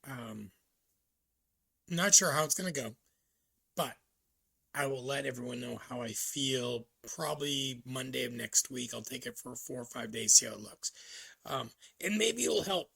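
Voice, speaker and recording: A man talking to camera in a casual personal vlog, halting and reflective, with many ums and restarts. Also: medium pitch, expressive, vocal fry, sharp tone, husky. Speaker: vlogger.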